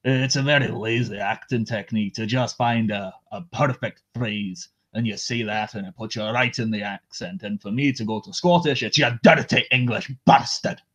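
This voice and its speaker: A man's voice: lowish voice, normal speed, few pauses, a bit bright. A man running a tabletop game as dungeon master, talking in a hesitant, self-deprecating way with many fillers. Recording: dull lo-fi recording.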